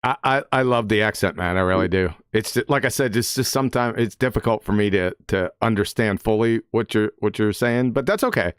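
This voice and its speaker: A man's voice: fairly low pitch, brisk, few pauses, clean tone, no echo, studio quality. A man chatting casually on a podcast, curious and asking questions, laughing often. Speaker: podcast co-host. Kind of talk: casual chat.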